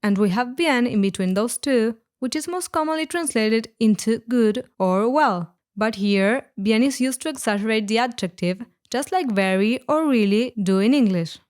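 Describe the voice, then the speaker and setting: A woman narrating a scripted language lesson, explaining words clearly and slowing down on each example. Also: on the high side, expressive, a little mellow. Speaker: Spanish teacher.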